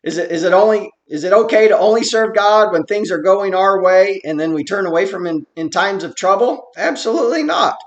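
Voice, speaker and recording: A man teaching a Bible study in an earnest, explanatory way, reading verses slowly and then commenting on them. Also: high-pitched, steady tone. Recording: roomy echo.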